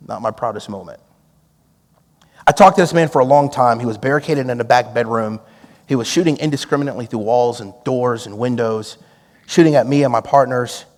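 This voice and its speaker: High-voiced man preaching in a reverberant hall. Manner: animated, acts out quoted dialogue with laughs. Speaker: preacher and former police negotiator. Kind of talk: storytelling sermon.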